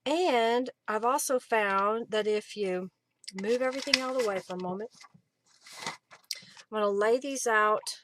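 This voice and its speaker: A woman's voice: a little high, unhurried, pauses often, background noise. A woman hosting a casual crafting live stream from her home craft room, chatting and thinking aloud as she works.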